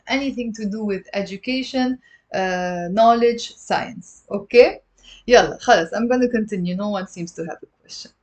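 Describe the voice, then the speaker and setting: A woman's voice: on the high side, a little mellow. A woman giving a live-streamed language lesson to a webcam, explaining step by step, drilling pronunciation and answering viewer questions. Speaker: online Arabic teacher.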